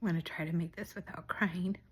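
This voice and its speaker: A woman giving an emotional birthday tribute to her younger sister, halting and often dropping to a whisper. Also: fairly low pitch, fairly even intonation, a little hiss or hum. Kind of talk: recorded personal birthday message.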